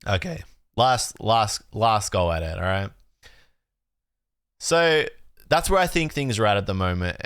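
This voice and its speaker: A young Australian man chatting casually on a live stream, relaxed and talky, redoing his outro lines. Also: fairly low pitch, measured pace, long pauses, clear, resonant tone, dry recording, studio quality. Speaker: streamer and card collecting host.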